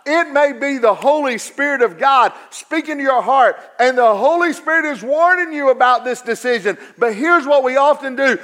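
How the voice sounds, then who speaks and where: A man preaching a sermon, swinging from quiet stretches to raised, emphatic repetition. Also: high voice. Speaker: pastor.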